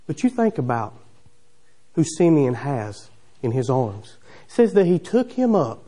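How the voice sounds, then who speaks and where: A man preaches a sermon in a church. His voice sits high and swings widely as he retells the story with homespun wondering questions. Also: darkish tone. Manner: folksy, imaginative storytelling with rhetorical questions. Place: church sanctuary.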